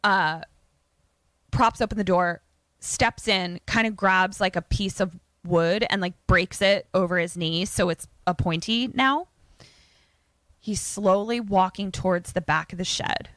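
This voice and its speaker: A woman's voice: medium pitch, unhurried, a bit bright, dry recording. A young adult woman co-hosting a podcast, recapping a film in chatty, profane casual speech. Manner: chatty and profane, with many fillers. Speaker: podcast co-host.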